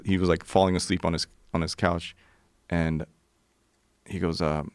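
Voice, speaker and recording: A man in his forties with a low voice, a podcast guest telling a profane, vivid story in casual talk. The sound is close and dry. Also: little pitch movement, normal speed, long pauses, no echo.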